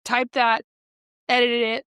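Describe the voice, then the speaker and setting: A woman co-hosting a podcast, loud, exasperated and sarcastic, laughing often. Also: a little high, level tone, takes it slowly, clean tone, dry recording. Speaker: podcast co-host. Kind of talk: casual chat.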